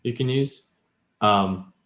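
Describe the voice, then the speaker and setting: A man's voice: mid-range voice, slow pace, a bit bright, echoey room. A man co-hosting a podcast, chatting casually and explaining grammar step by step with many fillers. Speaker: podcast co-host. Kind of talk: casual language-learning chat.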